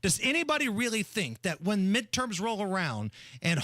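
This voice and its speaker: A man co-hosting a comedic talk radio show, loud and mocking, laughing often. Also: high voice, very animated, normal speed, no room sound, studio quality. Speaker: radio co-host.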